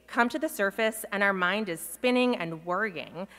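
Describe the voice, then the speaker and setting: A woman pastor giving a sermon in a reflective, measured way, pausing often. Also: medium pitch, fairly bright tone. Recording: long reverb of a large hall.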